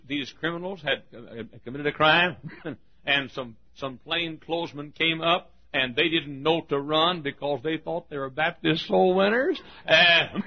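Folksy older preacher, husky voice. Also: male voice, a little high, dull audio. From Texas. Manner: folksy, chuckling anecdotes, animated quoted voices. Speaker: pastor. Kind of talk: sermon storytelling.

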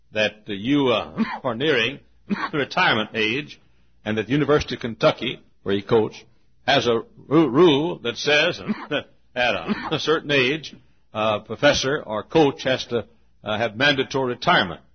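Husky-voiced man preaching a story. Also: medium pitch, muffled recording. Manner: clears throat often, restarts phrases, slows down for emphasis. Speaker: pastor. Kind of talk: sermon storytelling.

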